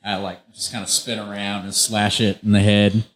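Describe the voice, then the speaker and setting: Low-voiced man, hesitant tabletop player. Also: flat delivery, moderate pace. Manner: hesitant, lots of "like" and "you know". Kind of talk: casual game chat.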